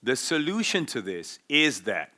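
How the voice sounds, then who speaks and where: A man giving a conference talk at a business forum. He explains things in an animated way and uses vivid examples. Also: mid-range voice, unhurried. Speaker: forum speaker.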